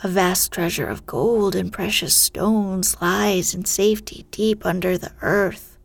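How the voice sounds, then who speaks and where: A woman doing a hoarse mocking mountain spirit. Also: mid-range voice, measured pace. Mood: solemn. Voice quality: hoarse, grating. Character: shaggy bearded male mountain spirit, mocking, tempting. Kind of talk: whispered storytelling.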